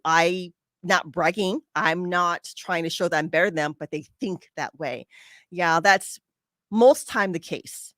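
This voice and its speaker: Low-voiced woman telling a story. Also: moderate pace, dry recording, clean studio sound. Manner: animated, acts out quoted friends. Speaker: podcast host. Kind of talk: casual storytelling advice.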